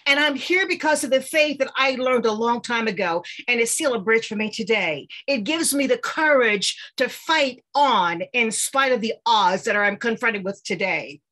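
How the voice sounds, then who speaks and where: An older woman with a fairly high voice speaks over a video call, giving a motivational speech. Her tone is bright and carrying, and she builds her points in an earnest, preacher-like rhythm. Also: expressive, normal speed, few pauses. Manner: earnest, rallying, preacher-like cadence. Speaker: guest speaker.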